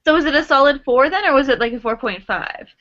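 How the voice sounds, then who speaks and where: A woman's voice: sits high, expressive, fast, a bit bright, highs cut off. A woman in a book club chatting lightly about a novel, laughing and asking her friends questions. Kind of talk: casual chat.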